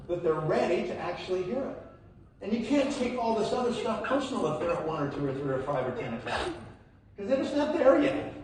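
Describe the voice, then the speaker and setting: A man giving an energetic live motivational talk to a hall audience, swinging into loud emphatic bursts and quizzing the crowd, captured from afar on a phone. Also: fairly high pitch, recorded from a distance, slight background noise. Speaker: motivational speaker at a sales event. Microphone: phone recording from the audience.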